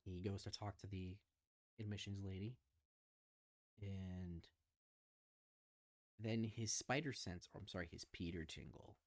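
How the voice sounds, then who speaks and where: A man's voice: low voice, fairly even intonation, unhurried, long pauses, no echo, studio quality. A man co-hosting a podcast, chatting casually about a movie and retelling its scenes, often slipping into the characters' lines. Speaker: podcast co-host. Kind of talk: casual film discussion.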